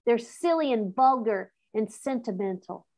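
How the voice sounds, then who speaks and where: A woman's voice: a little high, expressive, measured pace, a little mellow. A woman reading aloud voices a rude, whiny boy who wails and complains. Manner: wailing, complaining. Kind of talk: storybook read-aloud.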